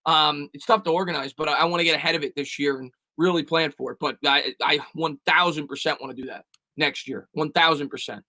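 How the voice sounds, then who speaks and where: A man's voice: a little high, steady tone, bright, forceful tone, dry recording. A man hosting a sports live stream, reading viewer comments and answering in a casual, stammering way with frequent restarts. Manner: fast, repetitive, stammering restarts. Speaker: sports channel host.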